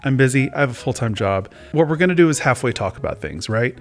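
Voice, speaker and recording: A man's voice: medium pitch, sing-song, quick pace, faint music behind. A man hosting his own casual talk show, rambling and joking at his own expense. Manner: rambling, self-mocking, chatty. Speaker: host. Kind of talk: casual chat.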